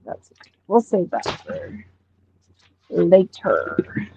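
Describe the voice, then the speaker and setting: A woman's voice: medium pitch, big pitch swings, extremely slow, creaky, warm tone. A woman chats easily on her livestream, drawling and teasing her friends. Her audio is dull and lo-fi, with a faint hiss underneath. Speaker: livestream host. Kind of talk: casual stream chat.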